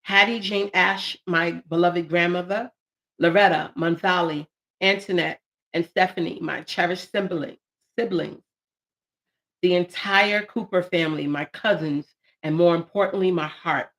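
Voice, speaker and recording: Late-40s woman on a livestream, bright and forceful, gets emotional, heartfelt talk about her poetry book. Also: on the low side, a little slow. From United States. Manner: heartfelt, emotional, animated bursts. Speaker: channel host and poet. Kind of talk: emotional live stream chat.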